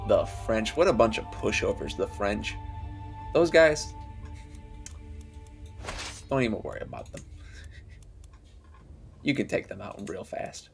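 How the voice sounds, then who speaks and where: A man commentating his strategy game live, his voice gravelly and full of swings in pitch. He talks slowly and breaks into frantic urging, with music playing underneath him. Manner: excitable, talks to himself and chat, frantic urging. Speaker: streamer.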